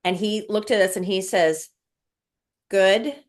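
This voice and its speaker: A woman's voice: medium pitch, steady tone, normal speed. A woman guest telling an emotional spiritual story in casual conversation, repeating words as she recounts it. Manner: emotional, repetitive, breathless recounting.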